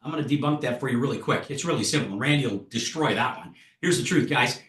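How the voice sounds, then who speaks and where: A man running a sales training session, talking with high excitement and punchy, hyped delivery. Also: quick pace. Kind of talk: energetic sales training talk. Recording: roomy echo.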